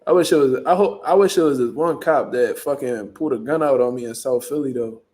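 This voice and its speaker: Profane, animated young man from Philly. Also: medium pitch, fairly quick. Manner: profane, animated street storytelling with acted-out quotes. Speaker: show host. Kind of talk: casual storytelling.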